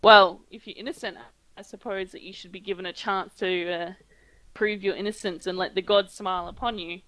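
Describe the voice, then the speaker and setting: A woman voicing a cruel, grinning male executioner who plays to the crowd, in a booming, mocking tone. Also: fairly even intonation, brisk, fairly bright tone, dry recording, close to an everyday voice, rough recording.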